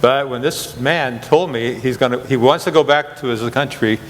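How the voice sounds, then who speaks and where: Male interviewer, rambling, lots of restarts, mid-pitched voice, echoing hall, faint hum. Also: normal speed, a bit bright. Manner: rambling, many restarts, chuckling. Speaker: chapel interviewer. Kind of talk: casual interview chat.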